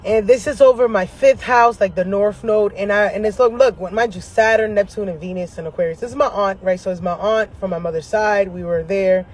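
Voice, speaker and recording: A man with a high, bright-pitched voice vlogs from the driver's seat of his car. He tells rambling stories in a slangy, profane way and laughs often. A faint hum of vehicles comes through from outside. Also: a little fast, few pauses. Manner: animated, profane, slangy storytelling; laughs often between lines. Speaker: astrology vlogger. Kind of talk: casual chat to camera. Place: inside a parked car.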